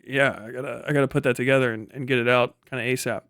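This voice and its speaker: A man's voice: medium pitch, fairly even intonation, very fast, gravelly, a bit bright, no echo, studio quality. A young man hosting a livestream, ranting in a casual, profane and mocking way and laughing often. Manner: profane, mocking, laughs often, jumps into silly mimicking voices. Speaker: livestream host.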